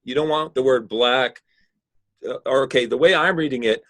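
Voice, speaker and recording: A man's voice: medium pitch, normal speed, a bit bright, no room sound, clean studio sound. A man teaching a class, patiently giving design critique and explaining his reasoning over a video call. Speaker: instructor.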